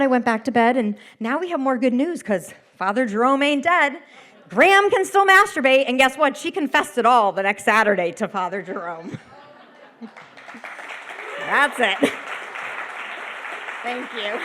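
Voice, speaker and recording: Brief: woman doing live comic storytelling, lively and high, laughs at her own lines. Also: a little slow, pauses often, some chatter behind. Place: theater stage.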